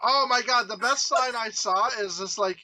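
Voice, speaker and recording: A man's voice: extremely high pitch, normal speed, sharp tone, no room sound. A man co-hosting a podcast, joking and laughing through crude banter. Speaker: podcast co-host. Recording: clearly noisy background.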